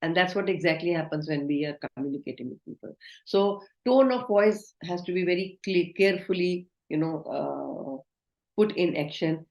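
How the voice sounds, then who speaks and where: A woman's voice: on the low side, moderate pace, muffled recording. A woman giving an online training lecture, instructive and asking the class questions. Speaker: communication trainer. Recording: roomy echo.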